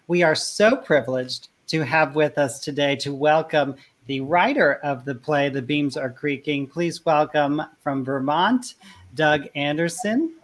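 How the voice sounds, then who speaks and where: A co-host of a faith talk show, introducing and welcoming a guest. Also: medium pitch.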